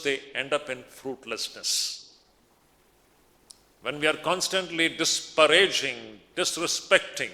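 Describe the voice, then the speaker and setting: Monk lecturing in a reverberant hall. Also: male voice, on the high side, sharp tone. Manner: emphatic, repeats phrases, chants Sanskrit verses. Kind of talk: spiritual discourse.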